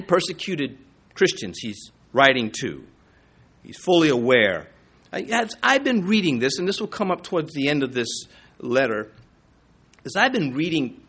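A man's voice: mid-range voice, fairly bright tone, slightly rough. A man preaching a sermon as a pastor in a church, talking in a loose, self-deprecating way with frequent restarts.

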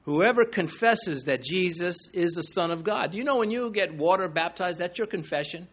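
A man preaching a sermon, emphatic and swinging between loud declarations and hushed asides. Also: high-pitched, expressive, moderate pace, hardly any pauses, slightly rough. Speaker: pastor.

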